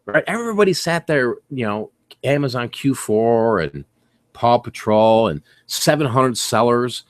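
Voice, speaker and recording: An excitable middle-aged man chats casually on a livestream, his pitch leaping around as he acts out his own reactions. He laughs often and swears freely. The sound is dry and close, with no room around it. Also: measured pace, no room sound. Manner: excitable, animated storytelling with acted-out reactions. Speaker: livestream host.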